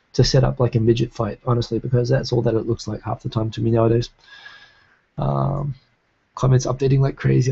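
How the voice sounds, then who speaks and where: A man's voice: medium pitch, creaky, warm tone, husky, lo-fi sound. A man with a faded New Zealand accent hosting a live show, chatting casually and reading comments, rambling with lots of fillers and restarts.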